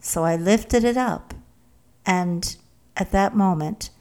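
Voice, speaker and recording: A woman narrating a first-person story in a slow, measured way. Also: mid-range voice, a little mellow.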